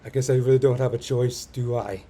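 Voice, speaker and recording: A man voicing a cheerful, self-assured teenage schoolgirl who leads a club, speaking in a friendly, smooth way. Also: mid-range voice, fairly even intonation, fairly quick, warm tone, slight background noise, close to an everyday voice. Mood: calm.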